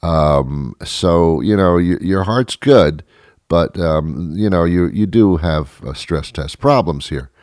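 A man's voice: low voice, takes it slowly, dry recording, clean studio sound. A man telling a rambling, exaggerated comic story about himself, acting out the lines of the people in it. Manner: rambling, exaggerated, animated retelling with acted quotes.

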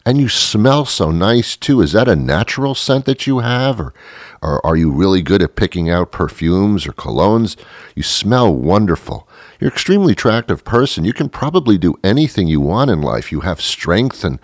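A man's voice: deep voice, sing-song, moderate pace, dry recording, clean studio sound. A man hosting a show, delivering a rambling, sarcastic and playful comic monologue. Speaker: host. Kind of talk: comedic monologue.

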